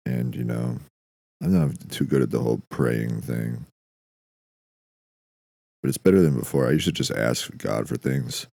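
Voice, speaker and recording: A man hosting a podcast, delivering a dry, deadpan, profane comedic monologue. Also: very deep voice, unhurried, gravelly, pauses often, no echo. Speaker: podcast host.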